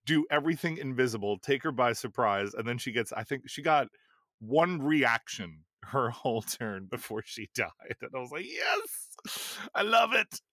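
Casting: mid-pitched male co-host, lively storyteller, dry close mic. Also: no room sound. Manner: animated, laughs often, quick asides. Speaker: podcast co-host. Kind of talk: casual chat.

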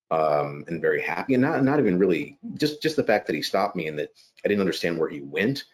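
A man, an actor and guest, telling a personal story in conversation, animated and acting out his quotes. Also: a bass voice. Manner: animated, acts out quotes in raised voice. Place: New York.

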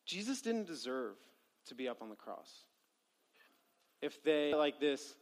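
A man preaching and reading scripture aloud in an earnest, emphatic way, often dropping low and quiet at the ends of phrases. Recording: long reverb of a hall.

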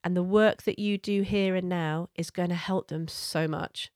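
A middle-aged woman coach giving parenting advice in an earnest, gentle, conversational way. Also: fairly low pitch, steady tone, normal speed, dry recording, studio quality.

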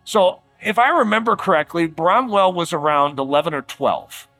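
A man preaches with a high, lively voice that swoops up and down. He leans hard on key words, stretches them out slowly, then drops to a hush. Soft music plays faintly behind him. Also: dry recording. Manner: animated, emphatic, with dramatic slowdowns and quiet drops; conversational fillers like "like" and "uh". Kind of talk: sermon.

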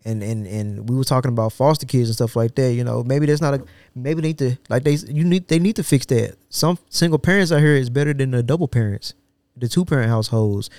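A man's voice: medium pitch, a little fast, no echo. Joking man on a podcast, dry mic. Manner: joking, animated, slangy. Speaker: podcast co-host. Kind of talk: casual podcast banter. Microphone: studio podcast mic.

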